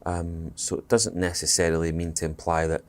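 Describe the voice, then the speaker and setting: A man's voice: deep voice, level tone, a little fast. A Scottish man, a guest actor, talking casually in a podcast interview, thoughtful and rambling, with many fillers and restarts. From Scotland.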